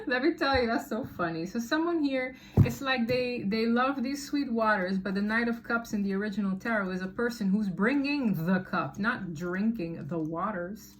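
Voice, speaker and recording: A woman giving a casual tarot reading to camera, chatty and animated, often laughing and exclaiming. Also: a little high, normal speed, few pauses. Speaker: tarot reader.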